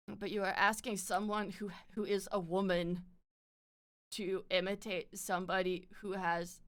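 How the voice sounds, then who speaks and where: Woman streamer just chatting, bright crisp voice, laughs a lot, swears casually. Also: medium pitch, level tone, slow pace, pauses often. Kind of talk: casual chat. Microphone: streaming mic with compressor.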